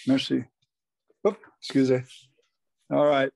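A man's voice: medium pitch, flat delivery, unhurried, creaky, a little mellow. An older man, a basketball coach and guest, telling anecdotes casually over a call and acting out the quotes in his stories.

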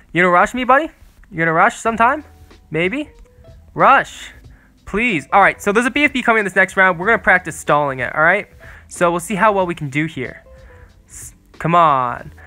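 A teenage boy giving casual, excitable gameplay commentary, chatting and teasing his opponent as he plays. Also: a little high. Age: teens. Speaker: gaming video creator.

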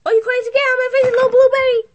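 A woman's voice: on the high side, level tone, a little fast, pitched below the performer's own voice, close to an everyday voice. A woman voicing a bossy, angry woman who snaps at and threatens a dog in a game role-play. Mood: outraged. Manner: snappy, threatening, brushing people off.

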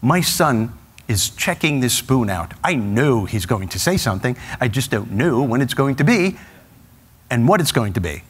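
A middle-aged man, a comedian telling a stand-up story and acting out the quotes with animated energy. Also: mid-range voice, moderate pace, husky. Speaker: comedian and motivational speaker.

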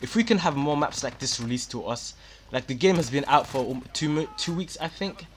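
A man and gaming YouTuber giving excited gameplay commentary, hyped and exclaiming often, voice a bit worn. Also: a little high, a little fast. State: losing his voice a little.

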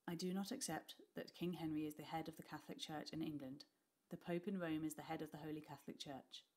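A woman voicing a calm, principled father who speaks quietly and steadily. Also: sits low, brisk.

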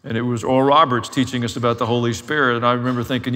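A man's voice: mid-range voice, level tone, rapid-fire, bright, forceful tone, in a large hall. A man preaching a sermon as a pastor, telling his own story in a candid, self-deprecating way.

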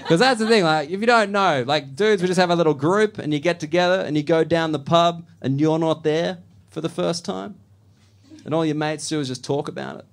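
A man's voice: fairly high pitch, a little fast. A man with an Australian accent doing a blunt, casual stand-up set in a comedy club, often checking in with the crowd. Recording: noisy live club recording.

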